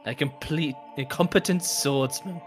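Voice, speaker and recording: A man's voice: fairly high pitch, unhurried, over music, natural voice. A man voicing a bold, proud young desert woman warrior, reading game dialogue aloud with a dramatic touch. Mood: proud, earnest.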